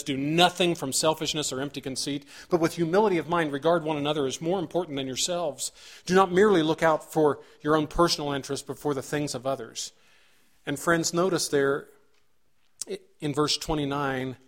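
A middle-aged male pastor preaching a sermon in an earnest manner, acting out short examples and building emphasis as he goes. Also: fairly high pitch.

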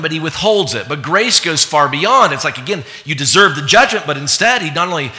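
A man delivers a sermon with a bright, forceful edge and a pitch sitting a touch high. He preaches in an animated, conversational way, slipping in asides. The sound rings with the long reverb of a church hall. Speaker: pastor.

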